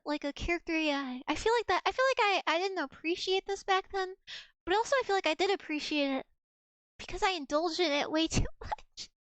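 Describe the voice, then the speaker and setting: A young woman streaming, chatting in a giggly, mock-dramatic way. Her voice sits very high, and the sound is dry and close with no room around it. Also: fairly bright tone, dry recording. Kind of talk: casual chat reading old messages to chat.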